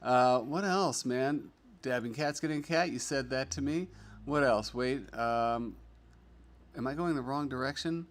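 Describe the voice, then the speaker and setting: Medium in pitch and measured in pace, the middle-aged man chats on his casual livestream. He goes through viewer comments aloud, upbeat and rambling, with filler words everywhere.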